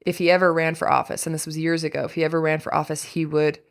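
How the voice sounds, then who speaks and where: A young adult woman hosting a podcast, speaking candidly in a deep voice that frays into fry, blunt and swearing freely with wry asides. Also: little pitch movement, fast talker. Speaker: podcast host. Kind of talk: candid personal monologue.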